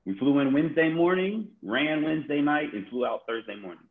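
A man, a podcast guest telling stories in a slangy, animated way. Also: fairly high pitch, brisk. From New Orleans. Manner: animated, acts out others' quotes, slangy. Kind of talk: casual storytelling. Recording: tinny phone-like line.

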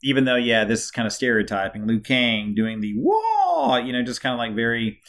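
A man's voice: medium pitch, flat delivery, brisk, fairly bright tone. A man co-hosting a podcast, talking thoughtfully and hesitantly with many fillers. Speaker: podcast co-host. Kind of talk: casual chat.

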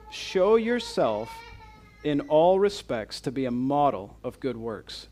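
A man's voice: fairly high pitch, a little mellow. A man preaching a conference sermon, reading scripture and then explaining it with emphatic, repeated rhetorical questions. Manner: emphatic and repetitive.

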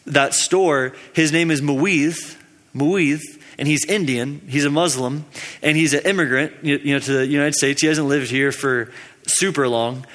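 A man's voice: on the high side, steady tone, moderate pace, a bit bright, in a large hall. A young man giving a casual, storytelling sermon at a midweek teaching, rambling and chatty, with plenty of fillers and laughs at his own jokes.

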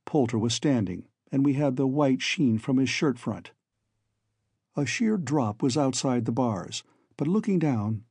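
Husky, dark-voiced male narrator. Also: mid-range voice, dry recording. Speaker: audiobook narrator. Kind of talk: first-person scripted narration.

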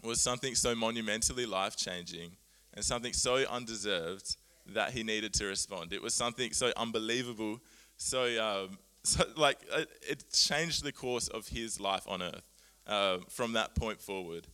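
A man preaching a sermon, earnest and animated, often laughing at himself as he explains Bible words. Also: lowish voice, moderate pace, hardly any pauses, smooth.

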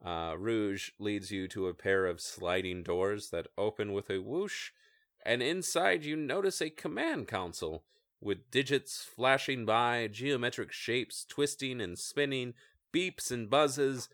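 A man hosting a podcast and narrating as game master, relaxed and hesitant with fillers. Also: medium pitch, unhurried, dry recording, studio quality.

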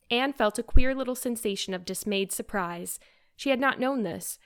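A woman giving a measured, expressive scripted narration of a classic novel. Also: fairly high pitch, clear, resonant tone.

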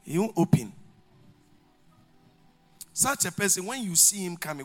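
Animated preacher, high voice. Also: male voice, unhurried, soft background music. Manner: animated storytelling, acting out dialogue, laughing along. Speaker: pastor. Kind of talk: sermon.

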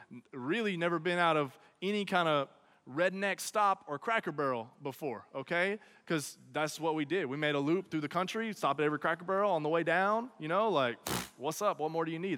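A young man tells a comic personal story to an audience, animated and constantly checking in with "okay?" and "right?". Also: on the high side, in a large hall.

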